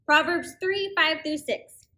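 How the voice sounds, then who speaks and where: Bright, upbeat woman hosting kids' church. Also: high-pitched, slow. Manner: upbeat, encouraging teacher voice. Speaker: children's ministry host.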